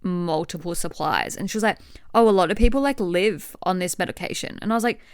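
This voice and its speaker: Smooth-voiced young woman, chatty and candid. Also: lowish voice, a little fast, no echo, studio quality. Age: 20s. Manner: chatty, swearing, animated retelling with quoted dialogue. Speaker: podcast host. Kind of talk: candid solo podcast chat.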